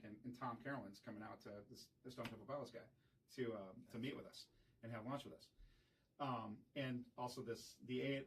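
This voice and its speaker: A man telling a profane, animated story from his band days in a casual stream chat. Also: medium pitch. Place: recording studio. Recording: voice picked up from a distance.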